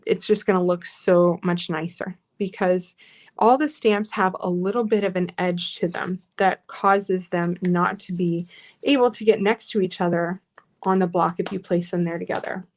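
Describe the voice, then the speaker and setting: A woman with a medium-pitched, somewhat dark voice teaches a live online scrapbooking class. She's chatty and encouraging, reading viewer comments aloud while she works.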